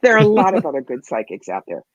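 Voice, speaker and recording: A woman guest, a psychic medium and author, telling stories in an interview in a punchy, animated way. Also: sits low, quick pace, breathy edge, dry recording, lo-fi sound. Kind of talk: interview storytelling.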